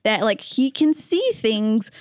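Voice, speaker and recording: A woman's voice: a little high, takes it slowly, clean tone, dry recording, clean studio sound. Playful slangy young woman. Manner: playful, laughing, slangy storyteller. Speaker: discussion group member. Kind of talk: casual religious study chat.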